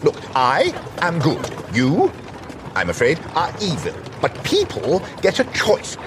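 A prim, earnest angel who lectures with a swooping, lively pitch and slightly high voice. The TV clip sits over loud outdoor ambience with horses nearby. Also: male voice, unhurried, background noise. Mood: earnest, lecturing. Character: fussy, earnest male angel.

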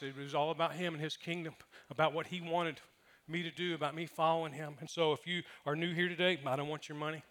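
Male pastor, slightly high and bright, humorous storyteller in the pulpit. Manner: humorous storytelling with acted quotes. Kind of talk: sermon.

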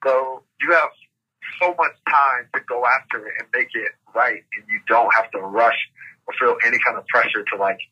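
Podcast guest, male, raspy and bright, easygoing motivational coach. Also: mid-range voice, fairly even intonation, normal speed, lo-fi sound. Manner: reflective, coaching tone with frequent "like" and "right?". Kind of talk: motivational interview talk.

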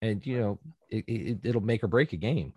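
A man co-hosting a casual podcast chat, animated and joking, laughing often. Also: lowish voice, moderate pace, husky, dry recording, studio quality. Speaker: podcast co-host.

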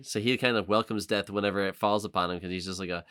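Male podcast co-host, loose and swearing, bright tone. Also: lowish voice, quick pace, hardly any pauses, clean tone, no echo, studio quality. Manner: animated, swearing, mocking impressions. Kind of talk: casual chat.

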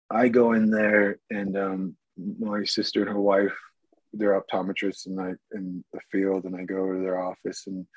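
A man's voice: lowish voice, slightly rough, dry recording, dull audio. A man who works as an actor, telling a story in a rambling, amused way with many restarts and fillers. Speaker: actor guest. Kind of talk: casual storytelling.

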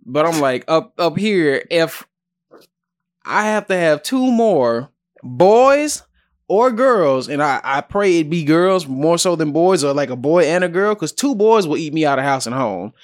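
A young man trading stories on a casual podcast with friends. His voice sits a little high, and he throws himself into the telling, acting out everyone he quotes. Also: measured pace. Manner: animated storyteller, acts out quoted voices. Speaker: podcast co-host. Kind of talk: casual chat.

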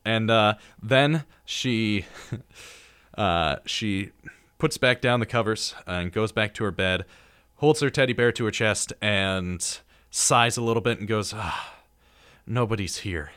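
A man's voice: lowish voice, takes it slowly, clear, resonant tone, no room sound, clean studio sound. A young man hosting a radio talk show, casually retelling horror movie scenes with many ums and acted-out lines. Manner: relaxed storyteller, acting out scenes with many ums. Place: radio studio.

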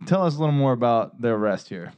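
A man's voice: mid-range voice, lively intonation, fast talker, darkish tone, smooth. A male co-host with a mid-range voice chats casually on a sports podcast. He teases his partner, laughs often and swears without holding back. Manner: teasing, laughs often, profane.

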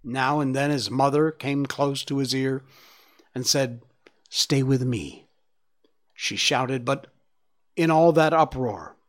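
A man reading a storybook aloud in a measured, dramatic way, at times dropping to a hush. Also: medium pitch. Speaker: narrator.

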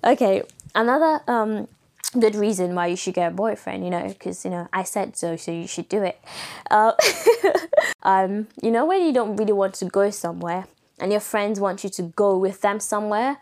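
A woman's voice: moderate pace, darkish tone. A young woman hosting a casual solo podcast, chatting with an American-leaning accent and laughing often. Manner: chatty, laughs often, acts out quoted people in higher voices. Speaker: podcast host.

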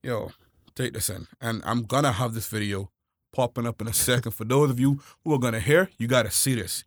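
A man co-hosting a podcast in casual chat, loud and joking with frequent laughter. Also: mid-range voice, fairly quick, no room sound. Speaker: podcast co-host.

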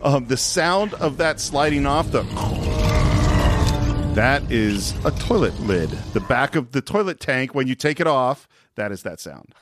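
A man's voice: medium pitch, sing-song, measured pace, over music. A man hosting a podcast in casual chat, telling the story enthusiastically. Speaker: podcast host.

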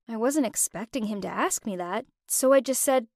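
A young woman telling a first-person story with expressive, emotional delivery. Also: fairly high pitch, moderate pace, hardly any pauses, no room sound, clean studio sound. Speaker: narrator.

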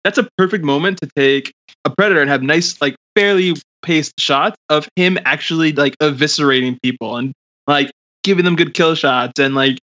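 A man's voice: on the high side, normal speed, bright, forceful tone, dull audio. A man co-hosting a casual movie podcast, ranting and sarcastic, swearing freely. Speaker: podcast co-host. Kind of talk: casual movie review chat.

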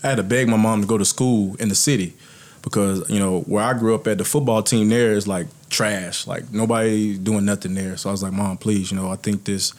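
Speaking a little fast in a lowish voice, this American guest, who used to play in the NFL, recounts his life in a relaxed conversation. He tells it animatedly, acting out the quotes of others.

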